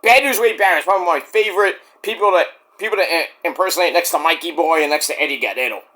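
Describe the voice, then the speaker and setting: A man's voice: a little high, quick pace, sharp tone. A man reviewing a wrestling show in a casual, rambling rant, crude and profane, and full of jokes.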